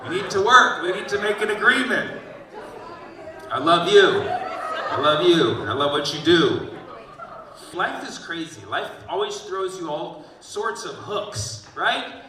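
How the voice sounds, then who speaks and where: A male stand-up comedian working the crowd with animated, teasing banter on a club stage. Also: high voice, a little slow. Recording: live stage recording with crowd noise. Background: audience laughter.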